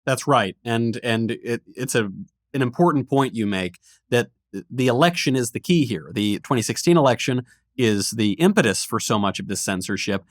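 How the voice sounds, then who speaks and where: Guy co-hosting a podcast, teasing and quick with jokes, reads listener questions, mid pitch, dry close mic. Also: animated, no room sound. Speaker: podcast co-host. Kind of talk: casual chat, interviewing.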